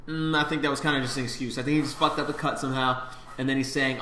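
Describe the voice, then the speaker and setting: A man co-hosting a podcast, telling stories in casual, profane, animated chat. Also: mid-range voice, quick pace. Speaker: podcast co-host. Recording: echoey room with faint noise.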